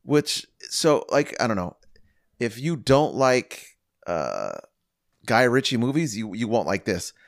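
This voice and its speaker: A man of ordinary pitch chatting on a podcast, rambling through his thoughts with plenty of fillers and casual swearing. He is recorded close and dry, with no room sound around him. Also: big pitch swings, takes it slowly, dry recording. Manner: rambling, filler-heavy, profane. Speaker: podcast co-host. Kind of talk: casual chat.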